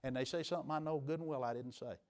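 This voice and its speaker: A middle-aged male pastor preaching a sermon in a church. He drives his points up into strong, emphatic peaks, then falls back to quiet, confiding asides. His voice sits in an ordinary middle pitch for a man. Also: rapid-fire. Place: church sanctuary.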